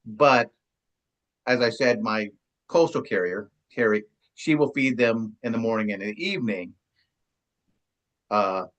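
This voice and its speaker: A man's voice: fairly low pitch, measured pace, pauses often, fairly bright tone. A middle-aged man chatting as an interview guest, rambling along with many stammered restarts and repeated words. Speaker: guest, longtime ska radio DJ and promoter. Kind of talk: casual chat.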